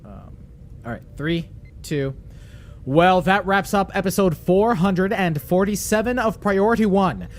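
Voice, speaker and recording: Man, podcast host, brisk and casual, slightly higher voice, faint background noise. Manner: brisk, loose, goes off script. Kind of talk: live podcast closing. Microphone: video call.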